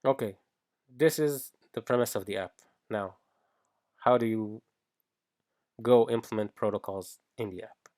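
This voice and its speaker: A man's voice: lowish voice, measured pace, long pauses, darkish tone, no room sound, studio quality. A man walking through code in a screen-recorded programming tutorial, thinking aloud with frequent fillers and restarts. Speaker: iOS developer teaching.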